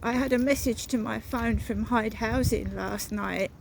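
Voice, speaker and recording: A woman's voice: a little high, fairly even intonation, measured pace, creaky, slight background noise, low-quality recording. A woman narrating a walking vlog outdoors, talking in a rambling, repetitive, suspicious way. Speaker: vlogger. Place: outdoors, walking through a town.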